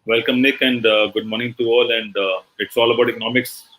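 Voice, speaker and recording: A man from India opens an online show as its host. He talks fast, with fillers along the way. His voice is bright and forceful. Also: medium pitch, steady tone, poor audio. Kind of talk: casual show opening.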